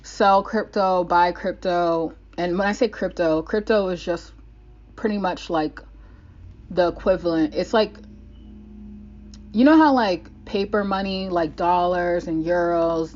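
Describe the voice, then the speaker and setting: A woman's voice: lowish voice, fairly even intonation, measured pace, darkish tone, dull audio. A young woman from the United States, a vlogger rambling in casual talk to the camera, restarting her sentences often.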